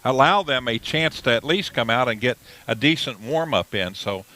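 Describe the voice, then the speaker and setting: A man works as color commentator on a live football pregame show. His voice is bright and forceful at a middle pitch. He chats in a relaxed, conversational way. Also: moderate pace, low-quality recording. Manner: relaxed, conversational, with many fillers. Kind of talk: pregame sports broadcast.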